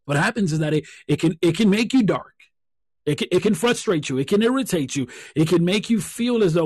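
A man with a fairly high voice hosts his own podcast alone. He talks earnestly and reflectively, circling back over his words as he thinks aloud. The sound is dry and close. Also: animated, fairly quick, a little mellow, slightly rough, dry recording. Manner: earnest, repeats phrases while thinking aloud. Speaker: podcast host. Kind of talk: reflective solo podcast talk.

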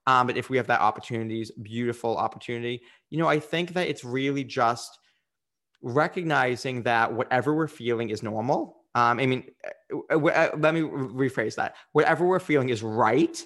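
A man's voice: medium pitch, moderate pace, a bit bright. A man speaking as a coach in a candid interview, earnest and reflective, with frequent fillers.

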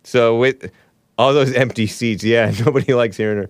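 A male talk show host rambles through sarcastic commentary and laughs at his own asides. His voice is smooth and resonant. It sits close and dry, with no room sound. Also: on the low side, normal speed, dry recording. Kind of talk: casual commentary playing clips.

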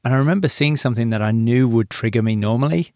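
A male podcast host who backs up his guest with a steady stream of agreement and shares his own stories in a relaxed way. His voice is recorded dry and close, with no room sound around it. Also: mid-range voice, fast talker, no echo. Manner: agreeable, encouraging, frequent yeahs. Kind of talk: casual interview chat.

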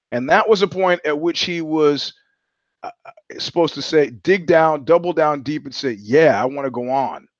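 A man hosts his podcast in a blunt, profane, rambling monologue full of restarts. His voice sits a little high for a man. The recording is dry and dull, with a lo-fi sound. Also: dry recording. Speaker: podcast host. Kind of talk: casual monologue.

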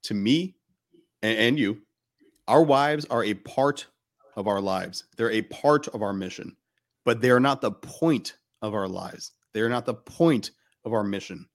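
A man's voice: on the low side, unhurried. A man hosting a podcast, talking bluntly and emphatically in casual conversation, with frequent swearing. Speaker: podcast host.

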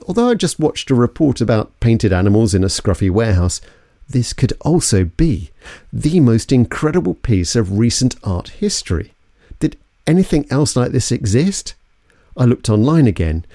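A man's voice: mid-range voice, dark tone, no echo, studio quality. A man from London narrating an investigative story in a suspenseful, scripted way. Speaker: podcast narrator.

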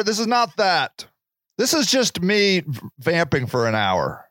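A man's voice: high-pitched, very animated, normal speed, fairly bright tone, no room sound, clean studio sound. A man in his forties hosting a solo podcast, rambling and joking in casual talk and swearing freely. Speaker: podcast host.

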